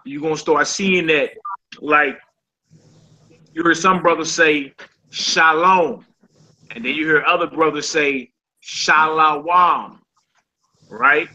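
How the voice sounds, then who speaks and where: A man's voice: fairly high pitch, sharp tone, rough recording. A man teaching a Hebrew class in an informal, conversational way, often checking in with his students. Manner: informal, repeats "you know what I'm saying".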